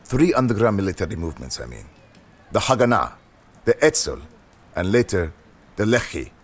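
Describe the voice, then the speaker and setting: A man host explaining something in a casual way and fixing his wording as he goes. His low voice moves around a lot in pitch. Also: sing-song, moderate pace, faint music behind. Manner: explaining, self-correcting.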